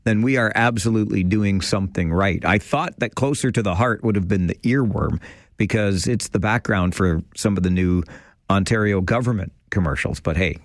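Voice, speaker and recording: A man's voice: fairly low pitch, dry recording. A male radio host on a studio mic, with a voice that swings widely up and down as he jokes with callers. His delivery is playful and teasing. The sound is dry and close. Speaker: radio talk show host. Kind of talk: radio call-in chat.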